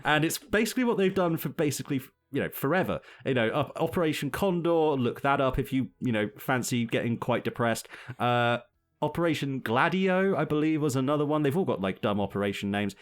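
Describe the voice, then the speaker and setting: A man talks in a loose, rambling podcast chat. He sounds sardonic and swears freely. His voice sits at an ordinary pitch for a man. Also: animated, a little fast. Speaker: podcast co-host. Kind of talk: casual political chat.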